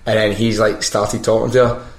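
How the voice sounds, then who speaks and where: A Scottish man hosts a casual podcast chat, telling animated, sweary stories. His voice sits on the lower side. The recording is roomy, with a noticeable echo. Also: normal speed. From Scotland. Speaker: podcast host.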